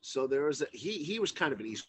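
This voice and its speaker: Husky, animated man chatting. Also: on the high side. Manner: animated, quick to laugh and react. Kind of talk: casual chat.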